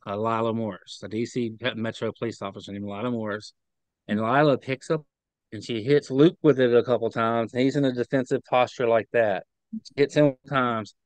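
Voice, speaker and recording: A man being interviewed as a guest, recounting what he saw in an earnest, halting, emotional way. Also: medium pitch, clean tone, dry recording. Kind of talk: personal recollection in an interview.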